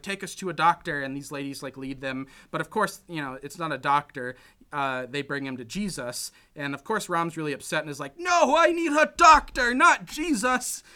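A man's voice: fairly high pitch, pushed and bright, clear, resonant tone. A young man casually recapping a film plot, rambling with lots of "like" and "you know" and acting out the characters' lines. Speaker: podcast co-host recapping a film. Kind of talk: casual chat.

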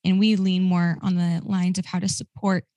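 A woman's voice: fairly low pitch, little pitch movement, normal speed, dark tone, no room sound, rough recording. A woman speaking earnestly as a guest in a casual podcast interview, sharing her experience. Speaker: guest, recovery ministry co-founder.

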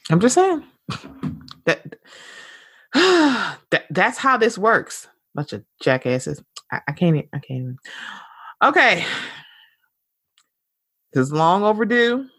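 Woman podcast host, casual and outspoken, swears freely; lively pitch, dry close-miked sound. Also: slow, long pauses, breathy edge, no room sound. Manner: animated, blunt, swears freely. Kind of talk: casual pop culture commentary.

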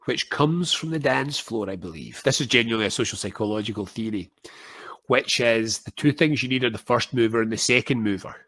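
An older Scottish man in casual conversation, an animated storyteller who acts out quoted voices with wry humour. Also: medium pitch, brisk. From Scotland.

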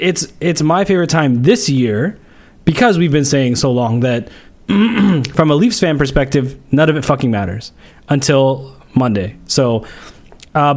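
A man's voice: a little high, a little mellow. A man co-hosting a podcast, joking and upbeat in casual chat, swearing now and then. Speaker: podcast co-host.

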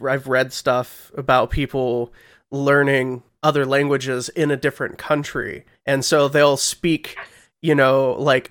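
A man interviewing a guest, relaxed and easygoing, with halting restarts. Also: mid-range voice, dry recording, clean studio sound. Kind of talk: casual interview chat.

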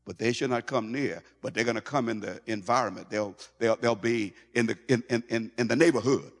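A male pastor preaching a sermon in an animated way, stumbling over and repeating words as he goes. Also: mid-range voice, a little fast. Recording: long hall reverb.

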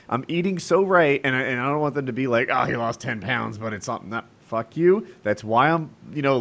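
A middle-aged man co-hosting a podcast in casual chat, blunt and profane. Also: mid-range voice. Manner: blunt and profane, swinging between loud and quiet. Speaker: podcast co-host.

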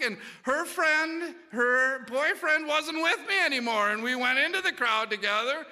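Man, high voice, very sharp tense tone, swearing, rambling storyteller, long hall reverb. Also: normal speed, few pauses. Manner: animated, profane, rambling with restarts. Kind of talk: casual anecdote telling.

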